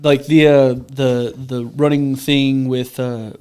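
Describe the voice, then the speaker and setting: A man's voice: medium pitch, little pitch movement, takes it slowly, darkish tone, clear, resonant tone. A young man hosting a podcast, chatting casually, rambling and swearing freely. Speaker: podcast host. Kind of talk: casual chat.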